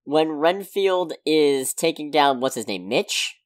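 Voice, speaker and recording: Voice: medium pitch, expressive, takes it slowly. A co-host on a casual movie podcast who swears freely and drops dry asides. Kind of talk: casual movie review chat.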